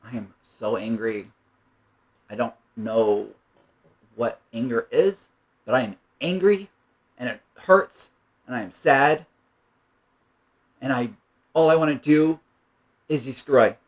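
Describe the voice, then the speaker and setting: A man's voice: medium pitch, moderate pace, long pauses, lightly acted. A man voicing a very young, angry child in a spoken parable, the lines blurted out in distress and later turning tentative.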